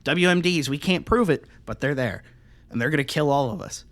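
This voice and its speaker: Podcast co-host, male, slightly high voice, heated profane ranting. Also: expressive, fairly quick, fairly bright tone. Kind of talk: casual podcast chat.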